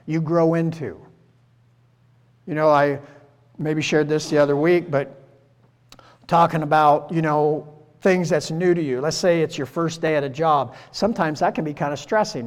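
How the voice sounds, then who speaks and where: A man's voice: on the high side, darkish tone. A man in his sixties preaching a conversational sermon, folksy and full of rhetorical questions. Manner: folksy, rhetorical, peppered with "right?" and "you know". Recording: long church-hall reverb.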